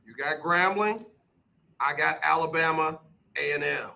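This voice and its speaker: Bright high-voiced radio host. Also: male voice, vocal fry, poor audio. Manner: brisk, quizzing back and forth, rhythmic repetition. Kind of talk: casual sports talk radio.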